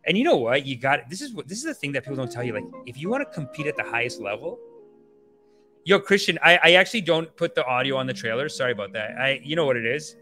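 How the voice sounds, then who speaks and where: A man hosting a podcast, chatting casually and reacting to a film trailer in an animated, profane, rambling way. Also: medium pitch. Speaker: podcast host.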